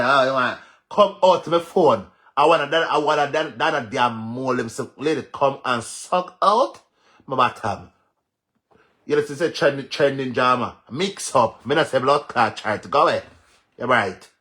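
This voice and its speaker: A man with a Jamaican accent ranting on a livestream as a social media commentator, loud and mocking, laughing and cursing as he goes. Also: mid-range voice. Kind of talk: livestream rant.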